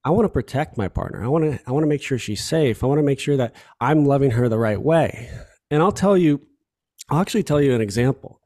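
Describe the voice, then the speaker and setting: A man's voice: mid-range voice, lively intonation, quick pace, darkish tone. A man from Chicago talking earnestly and from the heart as a podcast guest, often repeating himself. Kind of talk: candid conversation.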